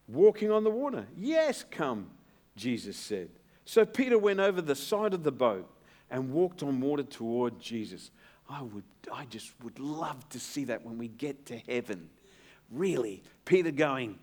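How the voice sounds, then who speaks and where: Middle aged guy preaching a sermon, earnest n emphatic, goes soft and hushed for the comforting bits. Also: mid-range voice, very animated, a little slow. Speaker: pastor.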